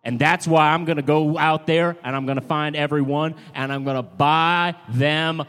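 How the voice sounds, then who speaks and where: A man with a bright, forceful, fairly high voice belts out a bombastic mock wrestling promo. The sound carries a long reverb, as from a big hall. He shouts his boasts with comic swagger. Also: steady tone, normal speed, smooth. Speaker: comedy game contestant. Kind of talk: improvised heel wrestler promo.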